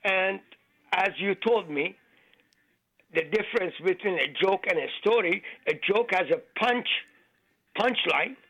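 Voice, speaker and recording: Halting, high-voiced male caller, slow. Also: pushed and bright, poor audio. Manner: halting, with many fillers and non-native grammar. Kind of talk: call-in joke telling.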